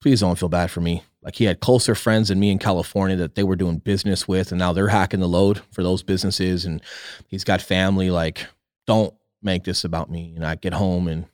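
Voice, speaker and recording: Casting: man, 30s, low voice, earnest and blunt storyteller, dry close sound. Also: flat delivery, a little fast, a little mellow, dry recording. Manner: candid, profane, earnest. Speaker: podcast guest, realtor. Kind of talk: casual storytelling on a podcast.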